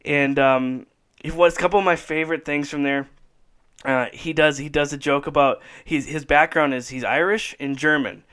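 Guy rambling on a podcast, smooth voice, a bit higher. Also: fairly even intonation, moderate pace, fairly bright tone. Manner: rambling, enthusiastic, laughs often. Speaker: podcast host. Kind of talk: casual chat.

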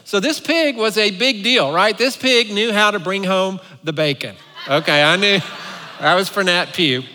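A male pastor delivers a sermon with playful, animated storytelling. His voice is high and bright and forceful. It rings through a church sanctuary with a long hall echo. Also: moderate pace.

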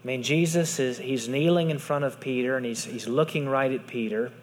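A man preaching a sermon in earnest, dropping to soft hushed tones for emphasis. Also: mid-range voice, fairly even intonation, brisk, big-room sound, a little hiss or hum. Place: large hall with audience.

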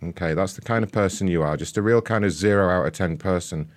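Deep-voiced man hurling mock-polite insults. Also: fast talker, no room sound. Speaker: host and prank caller. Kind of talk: prank phone call.

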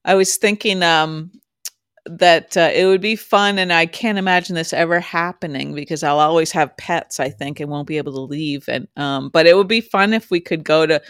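A woman co-hosting a podcast in casual chat, agreeable and quick to laugh. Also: sits low, fairly bright tone, clear, resonant tone, dry recording, clean studio sound. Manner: chatty, agreeable, laughs often. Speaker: podcast co-host.

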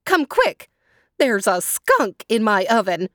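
An indignant old farm woman with a raised, excitable voice, exclaiming and protesting, as a woman storyteller puts her on. The storybook reading is close and dry. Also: a little high, moderate pace, no echo, voice pushed up. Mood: alarmed.

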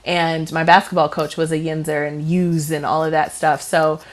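A woman co-hosting a radio talk show, chatting casually with many fillers and quick asides. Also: sits low, little pitch movement. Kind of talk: casual chat.

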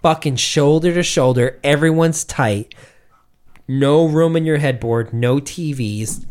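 A man's voice: fairly high pitch, takes it slowly. A young man from Massachusetts, co-hosting a podcast and telling stories casually with lots of swearing. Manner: profane, animated storytelling. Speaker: podcast co-host.

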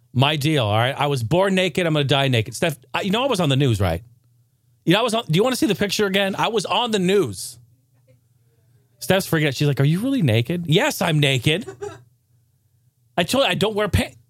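A young man hosting a casual gaming news podcast, rambling and joking, sometimes breaking into loud shouted bits. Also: on the high side, big pitch swings, normal speed, pauses often, no echo, clean studio sound. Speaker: podcast host.

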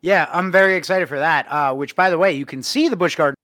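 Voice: mid-range voice, quick pace, a bit bright, no echo. A podcast co-host telling rambling stories in casual chat, laughing mid-sentence and swearing.

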